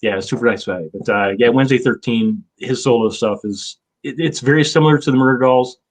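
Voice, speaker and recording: This casual chat is hosted by a man in his fifties who rambles, curses and leans heavily on fillers. He speaks fairly quickly in a mid-range voice.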